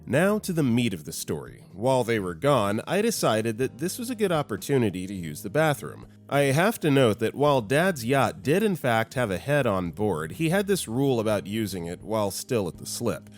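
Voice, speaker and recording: A man narrating stories in an expressive, scripted delivery. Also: medium pitch, normal speed, hardly any pauses. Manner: expressive storytelling. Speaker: story narrator. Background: faint guitar music.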